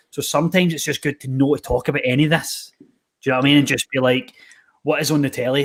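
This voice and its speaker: A Scottish man hosting a podcast, telling rambling stories in casual chat. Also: on the high side. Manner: rambling, animated storytelling with lots of fillers. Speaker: podcast host, personal trainer.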